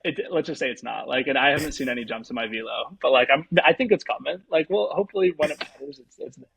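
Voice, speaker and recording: A young man, a pro baseball pitcher, telling a personal story as an interview guest, rambling with lots of fillers. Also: fast, vocal fry, a bit bright, husky, rough recording.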